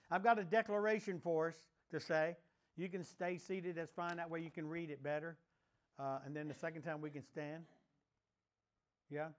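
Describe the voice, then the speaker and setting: A man's voice: fairly high pitch, moderate pace, long pauses. A man preaching a sermon as pastor, exhorting his church and leading it in repeated call-and-response declarations. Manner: emphatic, exhorting, leads the congregation in repeated declarations. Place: church sanctuary, also streamed online.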